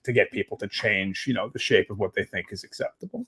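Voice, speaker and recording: A man's voice: fairly low pitch, quick pace, sharp tone, slightly rough. Hesitant man talking in a casual, wry way. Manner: hesitant, many restarts, wry. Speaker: guest, historian. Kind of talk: casual conversational discussion.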